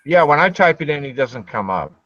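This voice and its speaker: A man's voice: fairly high pitch, big pitch swings, fairly quick, fairly bright tone. A man hosting a casual group call, talking bluntly with teasing, crude banter. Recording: dull lo-fi online call audio.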